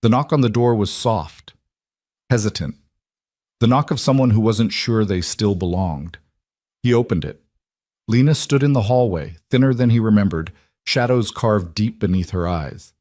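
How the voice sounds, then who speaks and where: Low, somber male storyteller. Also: moderate pace, darkish tone, no room sound, clean studio sound. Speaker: narrator. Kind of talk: scripted storytelling voice-over.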